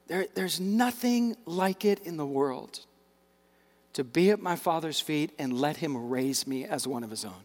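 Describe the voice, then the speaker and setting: A man's voice: fairly high pitch, lively intonation, a little slow, darkish tone. A middle-aged man preaching a sermon as a pastor, talking in a loose, conversational way with asides and repeated words. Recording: long hall reverb.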